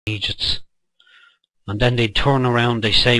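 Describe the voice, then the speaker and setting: A middle-aged Irish man in a furious, foul-mouthed rant, scolding his listeners hard. His voice is bright and forceful, and the sound is dry and close, with no room echo. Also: medium pitch, fairly even intonation, unhurried, long pauses. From Ireland. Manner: heated, profane, scolding. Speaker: political vlogger. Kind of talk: angry rant to camera.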